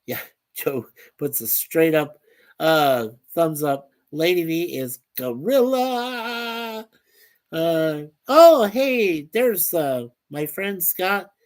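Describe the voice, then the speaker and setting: A high-pitched man hosts a casual live stream, reading the chat's comments aloud at an unhurried pace. He chuckles often as he goes.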